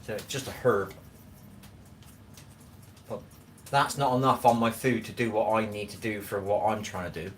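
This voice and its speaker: A man's voice: fairly low pitch, fairly even intonation, moderate pace, long pauses, background noise. A man chatting casually to his live-stream viewers while he cooks and tidies at home, rambling from topic to topic and swearing bluntly now and then. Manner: rambling, chatty, talks straight to viewers in chat. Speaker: livestream host. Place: home kitchen.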